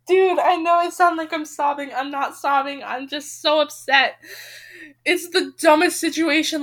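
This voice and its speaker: A woman hosting a podcast, reading a novel aloud and reacting with expressive, emotional outbursts. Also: sits high, unhurried. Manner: expressive reader who breaks off into emotional rants.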